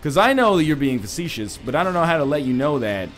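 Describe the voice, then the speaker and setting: A man's voice: fairly high pitch, very animated, fast talker, fairly bright tone, faint music behind. A man co-hosting a gaming stream, wordy and sardonic, with an irritated throat. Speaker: streamer co-host. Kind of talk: casual gaming chat.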